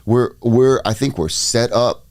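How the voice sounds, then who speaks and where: A man co-hosting a podcast, talking casually about football in a halting, fired-up way. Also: medium pitch, darkish tone, no echo. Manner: halting, lots of fillers and restarts, hyped. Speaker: podcast co-host. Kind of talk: casual sports chat.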